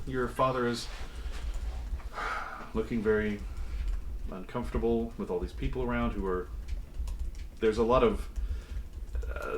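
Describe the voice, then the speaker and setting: A man's voice: lowish voice, echoey room, a little hiss or hum. A man running a tabletop role-playing game in person, narrating with lots of restarts and fillers. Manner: rambling, with many restarts and fillers. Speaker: game master. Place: room shared with players.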